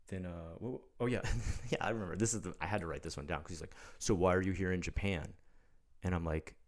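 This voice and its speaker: A man in his thirties telling a story in a blunt, exasperated and mocking way, with casual swearing. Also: low voice. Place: living in Japan.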